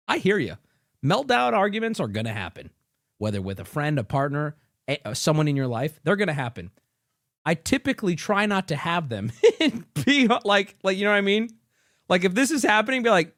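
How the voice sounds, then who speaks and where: Animated ranting male streamer. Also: sits high, moderate pace, no echo, clean studio sound. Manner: incredulous ranting, swings up loud. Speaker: streamer reacting to clips. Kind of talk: profane reaction commentary.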